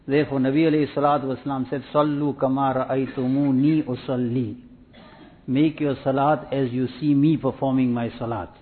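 Man preaching, tinny audio. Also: mid-range voice. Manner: measured, repetitive preaching cadence. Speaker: Islamic preacher. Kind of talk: sermon with anecdotes.

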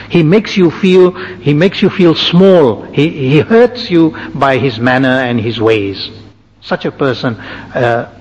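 Husky-voiced man preaching in a reverberant hall. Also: mid-range voice, highs cut off. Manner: measured lecturing with lists and asides. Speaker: religious teacher. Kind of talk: sermon.

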